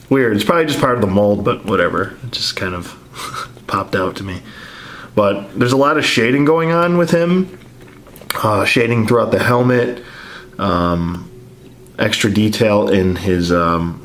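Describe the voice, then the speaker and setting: Lowish guy doing a toy review vlog, lots of ums, losing his voice a bit, faint hiss behind. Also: fairly bright tone. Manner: rambling, many fillers and restarts. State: losing his voice, throat clearing. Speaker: action figure reviewer.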